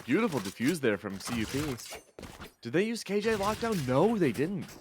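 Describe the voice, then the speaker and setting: Lively, high-pitched male caster. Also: normal speed, background noise. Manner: goofy, animated, joking. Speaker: esports caster. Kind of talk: excitable commentary.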